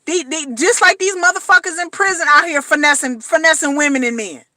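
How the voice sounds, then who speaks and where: Black woman ranting on a reality show vlog, high voice, dry close sound. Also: fairly quick, bright, forceful tone, no room sound. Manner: blunt, emphatic, slangy, repeats phrases. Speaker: reality TV commentator. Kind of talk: casual commentary vlog.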